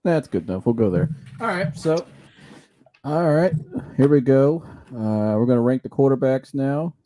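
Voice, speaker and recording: A young man hosts a relaxed live sports chat from home, mid-pitched and easygoing. He tells stories with energy, throwing in loud impressions of the people in them. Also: normal speed. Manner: animated storyteller, loud impressions. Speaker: podcast host.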